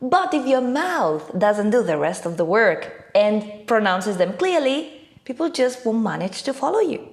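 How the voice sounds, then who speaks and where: A woman teaching an online English lesson in a clear, emphatic, scripted delivery. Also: fairly high pitch, very animated, a little slow.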